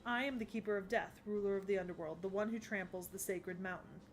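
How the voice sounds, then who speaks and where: A woman voicing a haughty goddess who rules the underworld, grandiose and commanding but quickly flustered, in an English anime dub. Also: fairly even intonation, lightly acted. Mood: imperious. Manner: grandiose and imperious, then flustered and shrill. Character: haughty goddess queen of the underworld, proud yet easily flustered.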